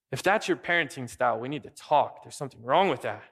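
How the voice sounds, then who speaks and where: Male pastor, sermon delivery, animated, mid-range voice, acts out quotes. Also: mid-range voice, fast talker, creaky, hardly any pauses.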